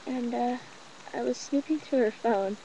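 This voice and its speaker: A young woman rambles through a gossip vlog at home, full of fillers, swearing and mockery. Her voice sits a little high. The home webcam recording carries a clear hiss of noise. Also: unhurried. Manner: rambling, profane and mocking, with many fillers. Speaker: vlogger. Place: room at home with a cousin talking nearby.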